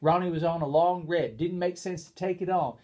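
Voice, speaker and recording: A man co-hosting a loose, casual chat, with a voice that sits a little high. He talks in an animated, rambling way, piling on asides. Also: a little fast. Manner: animated, rambling, lapses into put-on quotes. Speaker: co-host.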